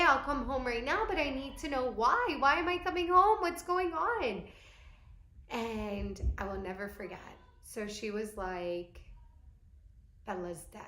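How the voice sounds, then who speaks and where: A young woman shares a painful personal story in a candid, talky way, full of fillers. Her voice sits at a middle pitch. The room around her is echoey. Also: fairly bright tone. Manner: candid, tearful storytelling with frequent "like". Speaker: vlogger.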